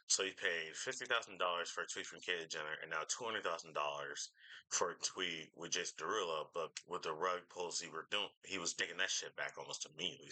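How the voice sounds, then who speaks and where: A man's voice: low voice, bright, forceful tone, rough recording. A man reacting casually to a clip, blunt, incredulous and swearing freely. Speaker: reaction streamer.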